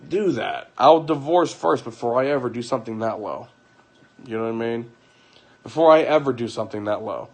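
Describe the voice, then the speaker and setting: Man retelling an argument on a late-night stream. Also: medium pitch. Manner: animated retelling, repeats himself, swears. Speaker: livestreamer. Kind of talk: late-night personal livestream rant.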